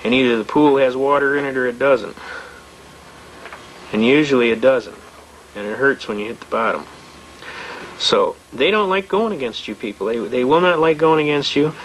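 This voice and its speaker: A man's voice: medium pitch, lively intonation, moderate pace, pauses often, a little hiss or hum, poor audio. Folksy man telling courtroom stories. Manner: blunt, storytelling, frequent restarts and repetitions. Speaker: seminar speaker on self-representation in court. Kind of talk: folksy lecture with courtroom anecdotes.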